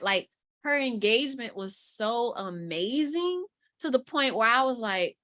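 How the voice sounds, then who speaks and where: Speaking a little slowly in a slightly high voice, this guest mentor and content strategist recounts a story during a casual interview. She brings it to life by acting out the quotes.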